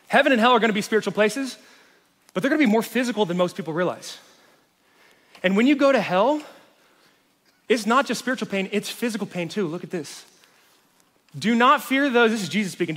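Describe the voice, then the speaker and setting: A man preaching a sermon as a youth pastor, animated, swinging from loud to hushed. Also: high voice, big-room sound.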